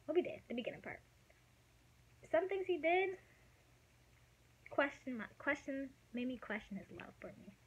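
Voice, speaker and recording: A woman of about twenty telling a personal story in a casual, emotional way, dropping to a hush and then getting loud, with lots of fillers. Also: high voice, very animated, normal speed, long pauses, lo-fi sound, a little hiss or hum. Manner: emotional, swings from hushed to loud, many fillers. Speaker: vlogger.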